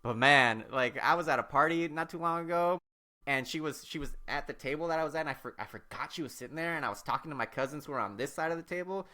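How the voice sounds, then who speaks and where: A man's voice: a little high, quick pace, bright, forceful tone. A man in his forties, a podcast host, telling stories in casual chat in a rambling way with many fillers. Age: 40s.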